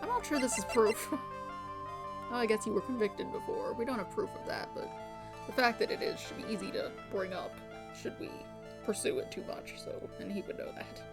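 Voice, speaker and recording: A woman's voice: fairly high pitch, expressive, a little fast, gravelly, over loud music. Wry young woman streaming a game. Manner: wry, casual asides. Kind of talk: live gameplay commentary.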